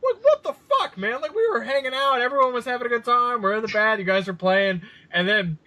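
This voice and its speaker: A man in his thirties co-hosting a casual podcast, telling animated, swear-filled stories and acting out what people said. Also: very high-pitched, brisk. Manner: animated storyteller, swears, acts out quotes. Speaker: podcast co-host.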